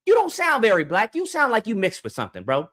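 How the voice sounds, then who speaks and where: A man hosting a livestream call-in, shouting profane, angry rants at a caller. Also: high-pitched, wildly swooping pitch, fast talker. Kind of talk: heated call-in debate.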